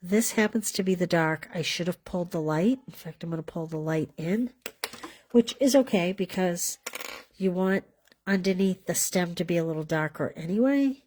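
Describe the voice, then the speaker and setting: A woman with a lowish, mellow voice talks through a live craft class as she works at her table. She speaks in a loose, chatty way and often drifts off mid-sentence while she colors. The sound comes from a camera mic over her work table at home. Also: normal speed, slight background noise. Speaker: card-making class host. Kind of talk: casual live craft demonstration.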